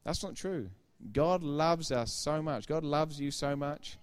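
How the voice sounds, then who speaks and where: A man's voice: on the high side, slow, clear, resonant tone. A middle-aged man preaching a sermon, emphatic and informal, repeating key phrases for effect and throwing chatty asides to the congregation. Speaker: pastor.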